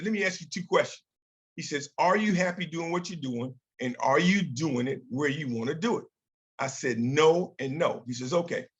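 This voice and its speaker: An older man tells career stories in a motivational talk, voicing each exchange with his bosses and staff. His voice sits a little higher than most men's. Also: a bit bright. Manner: storytelling, acts out quoted dialogue. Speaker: guest speaker.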